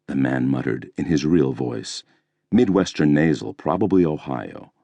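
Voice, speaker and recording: A man narrating a thriller audiobook in a measured, deliberate storytelling manner, recorded on a close studio mic. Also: very deep voice, animated, creaky, mellow, no echo.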